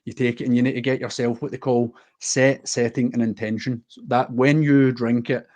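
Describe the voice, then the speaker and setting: A man's voice: medium pitch, level tone, moderate pace, a little mellow. A man from the west of Scotland with a Scottish accent, a podcast guest telling a personal story in an earnest, heartfelt and unguarded way.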